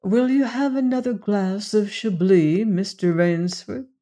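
A reader voicing a suave, menacing aristocratic Cossack general in an audiobook, with courtly, unhurried, drawn-out phrasing. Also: medium pitch, mellow, voice pushed up, close to an everyday voice. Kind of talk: audiobook character reading.

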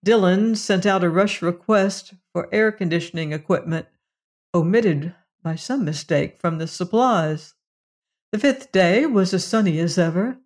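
Slow, measured audiobook narrator. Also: medium pitch. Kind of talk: scripted story narration.

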